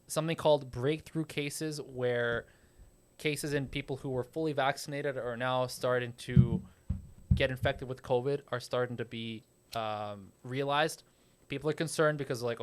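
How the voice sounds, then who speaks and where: A man's voice: medium pitch, fairly even intonation, normal speed, smooth. A man co-hosting a podcast in casual chat, explaining things emphatically and swearing a lot. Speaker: podcast co-host.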